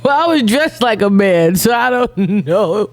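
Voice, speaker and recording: A woman's voice: medium pitch, lively intonation, a little slow. A woman rapper being interviewed, talking bluntly and jokingly in casual slang.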